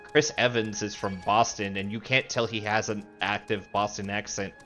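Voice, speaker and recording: A male streamer chatting through a story game in a lowish voice. He rambles off on tangents, swears freely and pokes fun at himself. Faint game music runs underneath. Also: steady tone, normal speed, a bit bright. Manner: rambling, swearing, self-mocking. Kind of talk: casual live game commentary.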